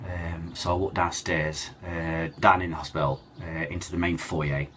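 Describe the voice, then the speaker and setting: A man telling a personal story in a halting, emotional way, with many fillers and restarts. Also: low-pitched, flat delivery, background noise. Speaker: cancer survivor telling his story.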